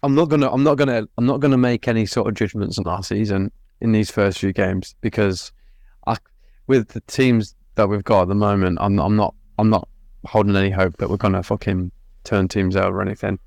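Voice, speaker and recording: A man's voice: lowish voice, steady tone, a little fast, vocal fry, a little mellow, no echo, clean studio sound. A man co-hosting a football podcast, glum and wry, swearing freely. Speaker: podcast co-host. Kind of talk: casual football chat.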